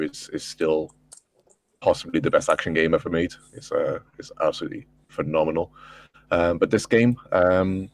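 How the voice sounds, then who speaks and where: A man on a gaming podcast, talking casually and swearing, working himself up into excited storytelling. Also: low voice, dry recording. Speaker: podcast panelist. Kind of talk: casual chat.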